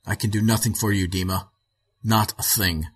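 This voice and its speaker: A man reading aloud voices a weary aging male physicist who speaks in a flat, rough way. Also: lowish voice, moderate pace, close to an everyday voice.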